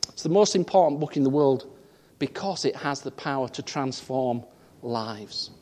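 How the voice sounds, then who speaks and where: A man from the north of England preaching a sermon and telling a personal story, his voice swinging from loud, high emphasis down to quiet asides. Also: slow, pauses often. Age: 30s. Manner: animated storytelling, voice rising and dropping for emphasis. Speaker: pastor.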